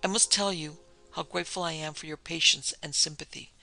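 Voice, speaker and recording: A man's voice: fairly even intonation, brisk, gravelly, pushed and bright, faint music behind, exaggerated voice, poor audio. A man voicing a jittery, frightened author. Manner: jerky, lowered, unnerved voice. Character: nervous frightened middle-aged male author.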